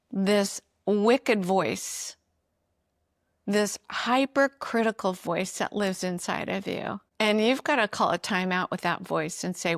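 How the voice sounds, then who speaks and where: A woman hosts a podcast in an earnest, encouraging tone, addressing listeners directly. She speaks slowly and deliberately in a mid-range voice. The sound is dry and close, with no room echo. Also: medium pitch. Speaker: podcast host. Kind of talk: motivational talk on emotions.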